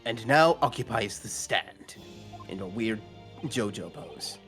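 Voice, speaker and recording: A man's voice: lowish voice, lively intonation, slow, fairly bright tone, faint music behind. Man playing a cold, aloof prosecutor. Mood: dry. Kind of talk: fan dub voice acting.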